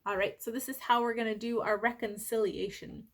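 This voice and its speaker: A woman teaching a Sunday school lesson to young children, speaking gently and encouragingly, slow and clear. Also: on the high side, little pitch movement.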